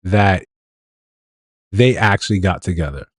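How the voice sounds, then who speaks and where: Laid-back low-voiced male host. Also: a little slow, no room sound, clean studio sound. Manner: laid-back, chuckling, rhetorical questions. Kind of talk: live commentary on viral clips.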